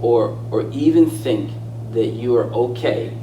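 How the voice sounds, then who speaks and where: A man co-hosting a casual discussion, speaking in a calm, even-keeled way. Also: mid-range voice, a little slow. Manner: calm, even-keeled, frequent agreeing interjections. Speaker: podcast co-host. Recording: roomy, distant mic with audible noise.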